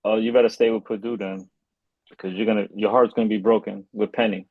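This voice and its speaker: A man's voice: lowish voice, level tone, quick pace, dry recording. A laid-back man co-hosts a casual sports betting podcast and reads through odds in a plain way. His voice comes through dull and muffled. The sound is dry. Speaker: podcast co-host.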